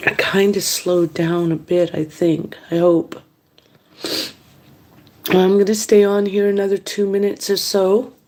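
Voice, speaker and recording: Slow-talking woman rambling late at night. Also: medium pitch. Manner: rambling, complaining, animated when quoting others. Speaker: mukbang vlogger. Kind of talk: casual late-night monologue. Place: indoors at home.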